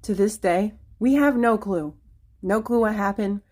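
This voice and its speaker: A woman casually telling a spooky personal story in a halting way, often repeating her words. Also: mid-range voice, a little mellow.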